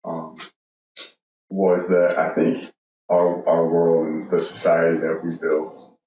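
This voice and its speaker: A man speaking slowly and musingly in casual podcast talk. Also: sits low, monotone, mellow, lo-fi sound. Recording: very echoey room, far from mic.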